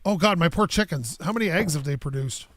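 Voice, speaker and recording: A gaming streamer casually talks through a block-building game, rambling to himself and his chat as he plays. His voice is a little high and a bit bright, with lively intonation and a fairly quick pace.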